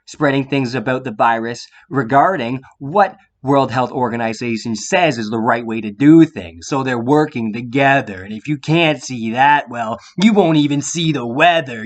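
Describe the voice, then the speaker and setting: Male vlogger, mid-pitched, confrontational and profane, talks straight to the viewer with rhetorical questions. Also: normal speed, hardly any pauses. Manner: drops into a quiet calm voice at times. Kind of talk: heated monologue to the viewer.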